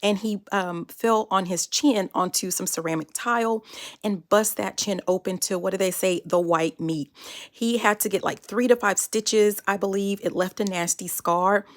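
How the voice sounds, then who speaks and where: A woman's voice: mid-range voice, steady tone, normal speed. A woman telling a personal parenting story in a casual, chatty way, with many fillers. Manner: chatty and conversational, with frequent fillers.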